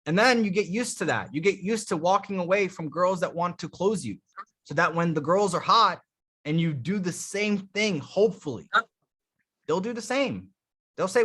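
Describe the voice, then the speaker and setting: A man running a live dating coaching session, talking bluntly with profanity and animated storytelling. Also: sits high, normal speed.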